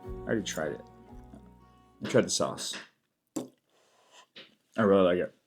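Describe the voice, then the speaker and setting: A man's voice: low-pitched, expressive, normal speed, soft background music. A man hosting a casual cooking video, walking through a recipe in his home kitchen in an easygoing, chatty way. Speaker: cooking channel host.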